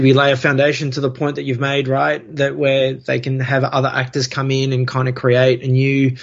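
A male co-host with a gravelly, husky voice that stays flat in pitch. His talk is reflective and unhurried, and the sound is somewhat dull. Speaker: podcast co-host. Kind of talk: casual podcast chat.

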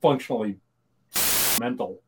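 Over a noisy background, a man from Minnesota chats unhurriedly on a podcast he co-hosts, his pitch medium. He wanders from point to point, often breaking off and starting his sentences over.

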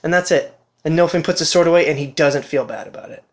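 A man who co-hosts a podcast, casually retelling a game playthrough in an animated, conversational way. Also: a little high, fast talker. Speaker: podcast co-host.

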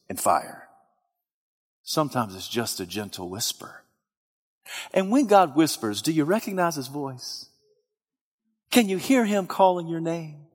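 Preacher guy, voice jumps all over the place, gravelly, big loud-then-quiet sermon, echoey church hall. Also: fairly high pitch. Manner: dramatic swings from loud to hushed.

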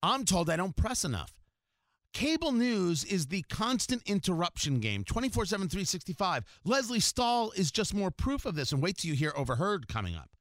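A male talk show host in full opinionated-monologue mode, with a fairly high voice that swings up and down a lot. He restarts and repeats words as he pushes his points, and he sounds dry and close to the mic. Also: normal speed, dry recording. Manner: animated, emphatic, with frequent restarts and repeated words.

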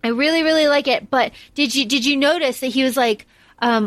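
A woman's voice: high voice, fairly quick, a bit bright, no echo. A woman co-hosting a casual film podcast, enthusiastic and gushing, swearing casually. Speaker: podcast co-host. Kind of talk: casual chat about a film.

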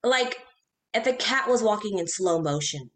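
Speaking in a mid-range voice, a woman recounts personal ghost encounters in a relaxed conversation, her speech coming in quick, animated bursts as she reenacts her own reactions.

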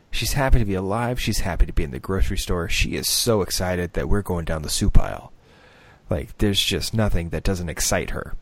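A man in his thirties, a podcast co-host, telling an animated story in casual chat. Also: low voice. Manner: storytelling, animated, laughs often.

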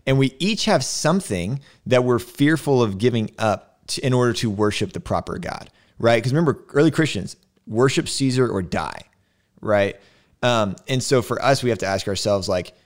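Low-voiced man explaining scripture, emphatic. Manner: emphatic, keeps asking "right?". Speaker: podcast host teaching scripture. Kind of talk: casual chat about scripture.

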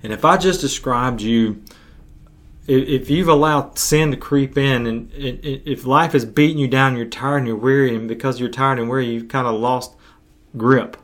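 A man preaching a podcast sermon as pastor, earnest and urging, with his voice going hoarse. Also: mid-range voice, a bit bright. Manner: earnest, urging, slow deliberate pauses. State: losing his voice.

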